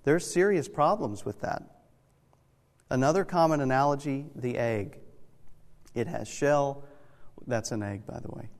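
A man's voice: medium pitch, moderate pace, big-room sound. A man teaching a Bible class, explaining step by step and checking in with "okay?". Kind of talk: church teaching session.

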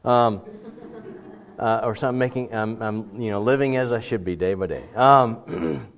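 A man preaching a sermon in a conversational, animated way, with frequent fillers and restarts. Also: lowish voice, a little slow, dull audio. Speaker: pastor.

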